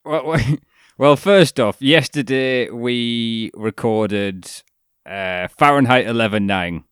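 A man's voice: mid-range voice, takes it slowly, fairly bright tone, clear, resonant tone, no room sound. A man co-hosting a podcast in casual chat, dry and sarcastic, swearing casually. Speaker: podcast co-host.

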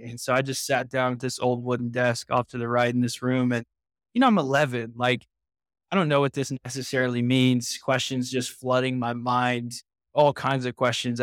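A man's voice: mid-range voice, a bit bright, no room sound, studio quality. A man in his twenties from Indiana, a podcast guest earnestly recounting his personal story with frequent restarts.

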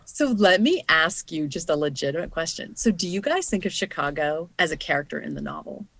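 A woman's voice: sits low, big pitch swings, brisk, a bit bright, no echo. A woman co-hosting a podcast, talking through a nonfiction book in a thoughtful, explanatory way and laughing easily. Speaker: podcast co-host. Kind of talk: casual book discussion.

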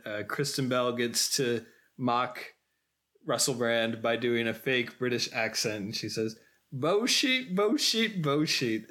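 A man's voice: medium pitch, a bit bright. A man co-hosting a podcast, casually recapping a film in detail with frequent fillers. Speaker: podcast co-host.

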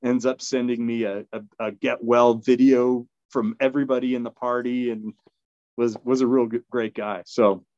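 A man at a middle pitch recounts a story as a guest, rambling through fillers, restarts and quick laughs. The recording is dull and low-fidelity, with a dry, close sound. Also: flat delivery, a little mellow, no room sound. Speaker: podcast guest. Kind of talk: casual storytelling.

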